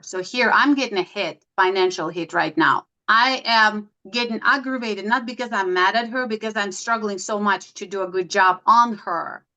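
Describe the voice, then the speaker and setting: A woman's voice: medium pitch, poor audio. A middle-aged woman from Russia with a Russian accent, telling stories in conversation and acting out quoted dialogue. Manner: animated, acts out quoted dialogue. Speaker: guest. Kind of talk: conversational storytelling.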